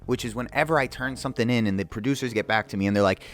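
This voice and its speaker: A man's voice: on the low side, fast talker, hardly any pauses. Man ranting in a casual, profane commentary. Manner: animated, profane, mocking impressions. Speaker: video commentator.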